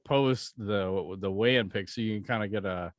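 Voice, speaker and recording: A man's voice: lowish voice, moderate pace, no echo, clean studio sound. Blunt, cursing man on a podcast. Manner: blunt, profane, joking. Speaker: podcast co-host. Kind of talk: casual podcast chat.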